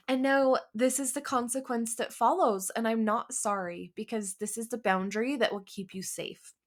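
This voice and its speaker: A woman's voice: on the high side, fairly bright tone. Woman, forties, solo podcast host; candid, conversational, filler-heavy delivery. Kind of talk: casual solo podcast talk.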